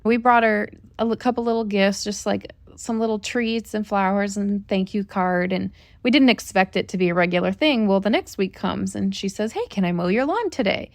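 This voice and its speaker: A woman's voice: medium pitch, fairly even intonation, normal speed, dry recording, clean studio sound. A woman co-hosting a family podcast, telling a personal story in an earnest, reflective way. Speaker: podcast co-host. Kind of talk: casual storytelling chat.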